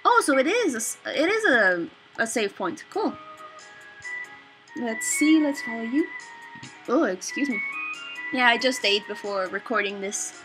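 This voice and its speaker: A young woman giving excitable, animated let's play commentary on a video game. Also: on the high side, a little slow, pauses often, over music. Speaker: gamer.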